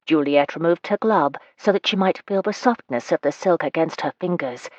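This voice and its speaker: A woman with a low, steady voice reads a romance novel aloud as scripted narration, lifting her pitch a little for the characters' lines. The recording is dry and close, with a slightly muffled, dull tone. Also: normal speed, no echo. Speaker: audiobook narrator.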